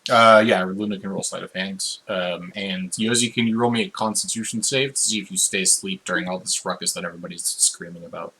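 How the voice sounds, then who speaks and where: A man's voice: low-pitched, fairly even intonation, a little fast, hardly any pauses, bright, forceful tone, breathy edge. A man talking casually while running moves at a tabletop game, loose and laughing with many fillers.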